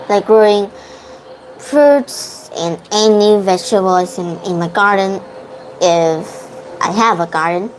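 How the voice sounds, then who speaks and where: A woman's voice: mid-range voice, slow, a little hiss or hum, poor audio. A young woman, a Vietnamese-speaking English student, practicing a debate in an online lesson, hesitant and often correcting herself. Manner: hesitant, restarts and self-corrections.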